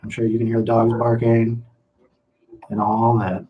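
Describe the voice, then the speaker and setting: Profane, laughing livestream host. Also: male voice, mid-range voice, completely flat delivery, moderate pace, lo-fi sound. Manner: loose, profane and laughing, slipping into rants. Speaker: livestream host reading chat. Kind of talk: casual livestream chat.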